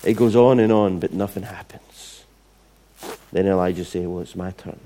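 A man preaching a sermon, retelling scripture stories in an animated way with playful asides. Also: deep voice, moderate pace. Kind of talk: sermon storytelling.

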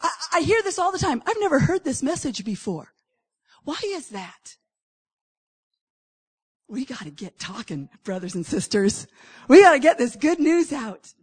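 Middle-aged woman preacher, high voice, animated storyteller who acts out dialogue. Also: a little slow, pauses often. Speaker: guest speaker, preacher. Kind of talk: sermon with personal stories.

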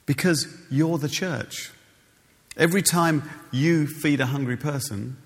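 A man as a calm, quiet wise pastor. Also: medium pitch, long reverb tail, lightly acted. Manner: quiet, measured reply.

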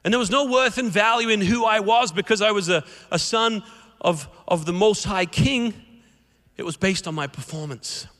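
A man's voice: sits high, normal speed. A man giving a sermon as a guest preacher, telling stories animatedly and acting out the characters in them. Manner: animated storytelling, acts out the characters. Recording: echoey hall reverb.

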